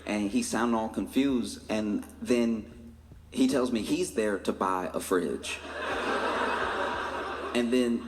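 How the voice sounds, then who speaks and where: A man's voice: lowish voice, slow pace, pauses often. A stand-up comedian, a man, telling a story in a conversational way and briefly acting out other people's voices. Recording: reverberant stage audio with faint noise.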